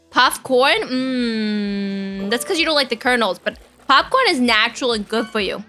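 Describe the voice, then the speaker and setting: Bubbly high-voiced woman streamer. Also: sing-song, moderate pace, sharp tone, soft background music. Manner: bubbly, chatty, reads out chat and greets viewers. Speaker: VTuber streamer. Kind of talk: casual live-stream chat with viewers.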